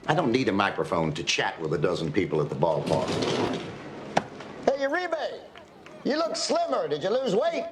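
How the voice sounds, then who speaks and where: An actor playing a bitter veteran baseball announcer with a classic booming announcer cadence, from a TV comedy clip. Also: male voice, wildly swooping pitch, normal speed, long pauses, crowd noise. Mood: chatty. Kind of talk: TV comedy acting. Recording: clip with music behind. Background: music.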